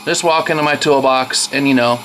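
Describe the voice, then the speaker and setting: Brash bright-voiced man ranting. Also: medium pitch, fairly even intonation, brisk, a little hiss or hum. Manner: trash-talking, mocking, profane. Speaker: street racing vlogger. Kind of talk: ranting to camera.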